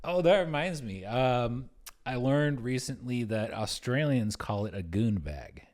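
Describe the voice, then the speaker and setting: A man's voice: medium pitch, lively intonation, a little slow, darkish tone. A man from California co-hosting a podcast in casual chat, hesitant and thoughtful, often restarting his sentences. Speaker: podcast co-host.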